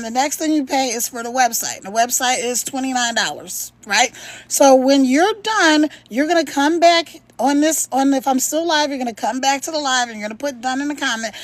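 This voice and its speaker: A middle-aged woman hosting a live stream from home, telling a story in an animated, chatty way and laughing as she talks, into a phone. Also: high voice, no room sound, low-quality recording. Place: at home, later walking in her backyard.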